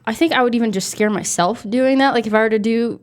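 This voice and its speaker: A woman's voice: fairly high pitch, fast. A young adult woman co-hosting a casual chat, talking in a hesitant, easily spooked way with many fillers. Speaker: co-host.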